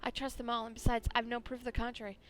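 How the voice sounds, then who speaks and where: A woman's voice: a little high, little pitch movement, very fast, a bit bright, a little hiss or hum, close to an everyday voice. A woman voicing a stern grieving widow who speaks formally and dismisses superstition. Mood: firm. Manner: formal, prim.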